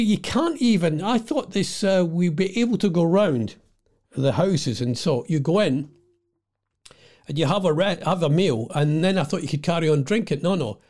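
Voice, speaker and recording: A man's voice: a little high, lively intonation, normal speed, darkish tone. An older Scottish man chatting at home in a casual, digressive monologue, often losing his thread. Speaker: vlogger.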